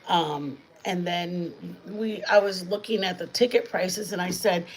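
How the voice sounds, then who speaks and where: A woman's voice: on the low side, slow pace, poor audio. Middle-aged woman, stream host, rambling chatty talk, home kitchen, faint hum behind. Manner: chatty, rambling, warm toward viewers. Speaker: channel host. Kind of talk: casual chat while cooking, live stream.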